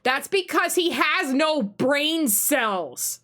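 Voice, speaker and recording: A woman streamer giving casual, sarcastic commentary while playing a game, blunt and quick to swear. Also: high-pitched, lively intonation, fairly bright tone. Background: game music.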